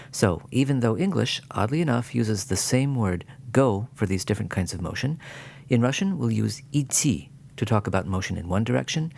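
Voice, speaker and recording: Male teacher, lowish voice, clear scripted lesson narration, dry humor. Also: darkish tone. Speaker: language teacher.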